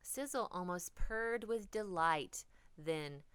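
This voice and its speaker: A woman reading a children's storybook aloud, expressive and dipping into whispers for drama. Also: lowish voice, slow pace, background noise.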